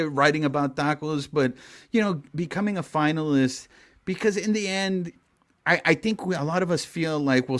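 A man hosting a podcast in casual conversation, earnest and encouraging as he praises his guest. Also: fairly high pitch. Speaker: podcast host.

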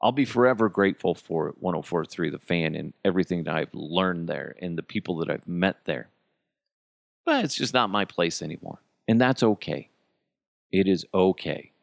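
A middle-aged man rambling through a casual solo podcast. His voice sits on the low side and often trips into restarts. The recording is dry, with no room sound. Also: moderate pace, vocal fry, no echo. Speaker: podcast host.

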